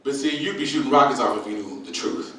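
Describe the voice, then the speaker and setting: A man's voice: mid-range voice, quick pace, heavy background noise. A man in his sixties doing stand-up, brash and streetwise, with wild exaggeration and frequent "baby" asides. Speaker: stand-up comedian. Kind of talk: stand-up routine. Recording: echoey room, distant mic.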